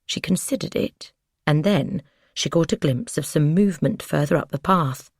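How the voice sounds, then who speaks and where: Low-pitched woman, measured audiobook narrator, dry close mic. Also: a little mellow, no echo.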